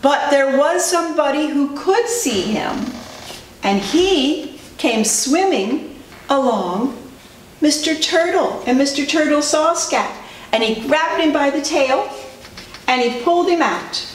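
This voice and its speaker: A female preschool teacher telling a story to children in an animated way, asking them questions as she goes. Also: sits high, slow pace. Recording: roomy distant recording, faint noise.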